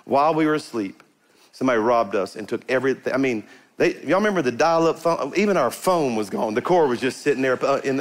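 Before a congregation in a church sanctuary, a middle-aged pastor with a medium-pitched voice preaches emphatically and animatedly. He calls out to the crowd and rises into bursts of fervor.

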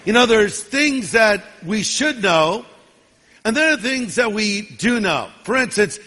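Bright-voiced older pastor in a reverberant hall. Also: male voice, high voice, lively intonation, unhurried. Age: 60s. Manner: humorous, folksy storyteller. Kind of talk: sermon with storytelling. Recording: long reverb of a large hall.

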